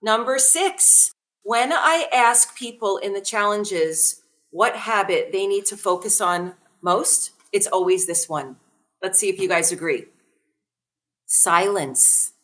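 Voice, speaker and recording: A woman in her forties speaking as a wellness guest on a podcast, animated and laughing readily, often asking listeners questions. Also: medium pitch, a little slow. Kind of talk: conversational podcast talk.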